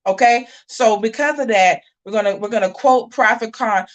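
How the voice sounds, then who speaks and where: A woman's voice: on the high side, moderate pace, hardly any pauses. Scolding, preachy woman livestreamer. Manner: preachy, scolding and animated, repeating phrases for emphasis. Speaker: channel host on a livestream. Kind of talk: casual livestream commentary.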